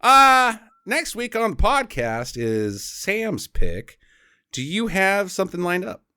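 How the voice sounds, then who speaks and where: A man hosting a podcast in casual chat, animated and joking, with silly sound effects. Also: high voice, takes it slowly, clear, resonant tone, no echo, studio quality. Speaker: podcast host.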